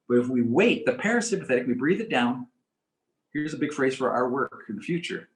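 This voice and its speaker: Man, community teaching talk, calm and measured, mid-pitched voice, roomy echo. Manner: calm, measured and explanatory, often repeating key phrases. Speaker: presenter on coping with stress.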